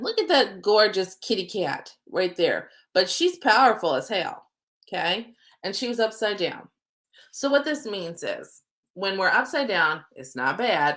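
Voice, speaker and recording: A woman's voice: mid-range voice, fairly bright tone. A woman hosting a casual livestream oracle card reading, chatty and playful, with some casual swearing. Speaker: oracle card reader and manifesting coach. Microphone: desk setup with computer screens.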